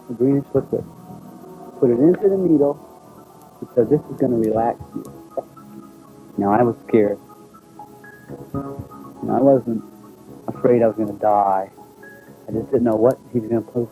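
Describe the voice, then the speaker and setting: A man's voice: medium pitch, mellow, low-quality recording. A man tells his own experience in a plain, folksy way, acting out what others said. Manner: plain storytelling, folksy, acts out quoted speech. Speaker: witness recounting an experience. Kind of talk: spoken first-person account.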